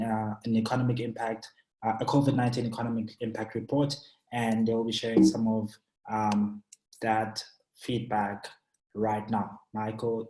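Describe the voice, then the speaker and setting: A man's voice: on the low side, darkish tone. A man moderating a webinar, introducing the next speaker in a casual way with fillers. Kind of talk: hosting a webinar. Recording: dull, roomy call audio.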